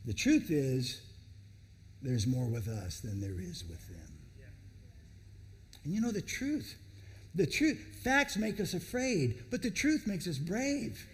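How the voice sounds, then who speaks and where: A male pastor preaching a sermon in a dramatic, emphatic way, with long pauses for effect. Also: on the high side, very animated, in a large hall.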